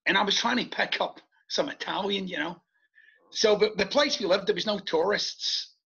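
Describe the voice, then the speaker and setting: A middle-aged Scottish man talks through a remote interview with a bright, gravelly edge and a husky texture. He tells stories in a lively, laughing way. The audio is dull and lo-fi. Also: high-pitched, moderate pace. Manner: animated, laughs while telling stories. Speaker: author and podcast guest. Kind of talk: casual storytelling in an interview.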